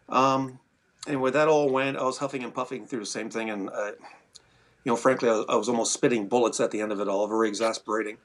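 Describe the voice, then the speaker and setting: A man from Canada on a firearms advocacy panel, recounting events in a rambling, exasperated way with many fillers and restarts. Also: mid-range voice. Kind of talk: casual panel discussion.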